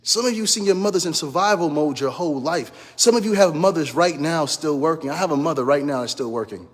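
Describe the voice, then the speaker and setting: A man's voice: on the high side, animated, brisk, in a large hall. A middle-aged man giving an impassioned motivational talk, preaching and repeating his phrases as he calls listeners brother. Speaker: life coach and minister.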